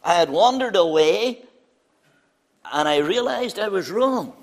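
A man's voice: expressive, unhurried. Fervent preacher, man. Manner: fervent, swings from loud appeals to hushed low lines. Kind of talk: evangelistic sermon.

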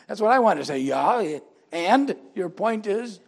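High-pitched older man preaching. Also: animated, unhurried, creaky. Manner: storytelling, quoting others in dialogue, rising to emphatic preaching. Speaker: pastor. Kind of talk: sermon with personal testimony.

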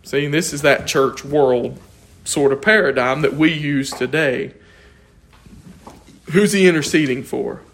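A man with a somewhat high voice leads an informal Bible study. He explains scripture in a lively way, throws questions to his listeners and chuckles often. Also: measured pace, pauses often, slight background noise.

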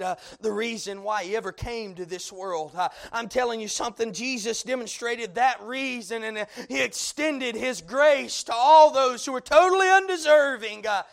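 Male preacher, high voice, sermon delivery, hushed lows and shouted peaks, amens throughout. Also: normal speed, vocal fry, hardly any pauses. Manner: swings from hushed low lines to loud shouted peaks; frequent "amen" and "uh" fillers.

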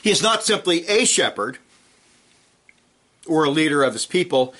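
Bright-voiced male preacher. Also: fairly high pitch, expressive. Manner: measured expository preaching with Greek terms. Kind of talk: sermon on scripture.

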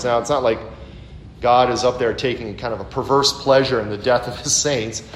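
A man's voice: fairly even intonation, normal speed. A man preaching a conversational expository sermon, full of asides and rhetorical questions. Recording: echoey room, faint background rumble.

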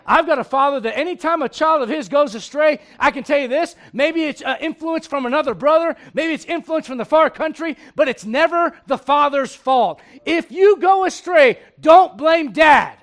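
Preaching with humor and a conversational feel, a middle-aged pastor alternates loud bursts with quiet lines. His very high voice moves fairly quickly, with few pauses.

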